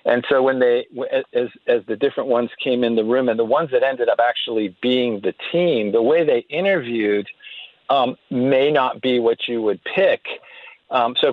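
A man telling a story as an interview guest, halting and restarting often. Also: mid-range voice, no echo. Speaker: guest recounting recruitment interviews. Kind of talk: anecdotal storytelling. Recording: tinny phone-line sound, dry.

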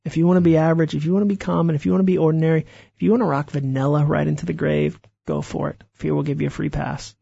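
Gravelly, husky man telling stories. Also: on the high side, rapid-fire, no echo, highs cut off. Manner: animated storyteller, acts out quoted voices. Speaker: author guest. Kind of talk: interview conversation.

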